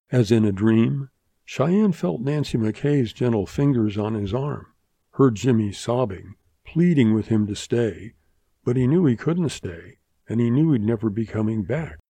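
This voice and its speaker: A man reads a western story aloud at an unhurried pace, with a gravelly, dark-toned voice. His delivery is measured and deliberate, recorded close and dry with no room sound. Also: medium pitch, expressive, dry recording. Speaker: narrator. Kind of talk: dramatic reading of a western story.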